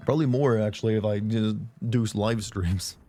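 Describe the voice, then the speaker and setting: A man streaming a game, chatting casually and joking, his voice hoarse from being sick. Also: lowish voice, fairly even intonation, warm tone, faint music behind. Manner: joking, chatty, quick laughs. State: hoarse from illness.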